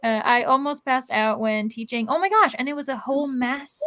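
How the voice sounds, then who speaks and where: A woman's voice: sits high, fairly quick, fairly bright tone, no echo, studio quality. A woman hosting a casual livestream chat, reading out viewer comments in a chatty way. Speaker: livestream host.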